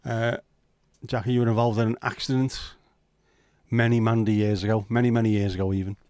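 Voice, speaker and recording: A man's voice: lowish voice, little pitch movement, fairly quick, a little mellow, clear, resonant tone, dry recording. Bantering male livestream host, dry sound. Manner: joking, teasing banter with viewers. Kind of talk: casual livestream chat.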